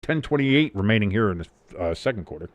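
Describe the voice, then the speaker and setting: His voice sits on the low side, expressive and fast, in a dry recording. He runs a live football watch-along, calling plays, reading the chat and chatting loosely with viewers while cursing freely.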